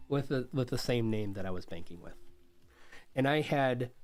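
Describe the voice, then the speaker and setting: A man streaming, telling a story casually to his chat, animated, swearing freely and laughing often. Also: mid-range voice.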